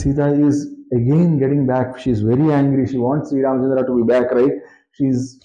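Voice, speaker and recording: A man who recites scripture verses and then explains them slowly in plain words. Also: mid-range voice, mellow. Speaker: scripture reader and teacher. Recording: roomy, muffled lo-fi audio.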